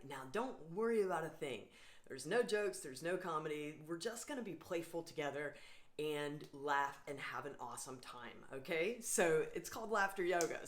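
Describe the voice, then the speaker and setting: A woman leading a laughter yoga class, upbeat and encouraging, breaking into laughter between her instructions. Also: deep voice. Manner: upbeat, encouraging, coaxing the viewer along. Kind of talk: guided laughter exercise class.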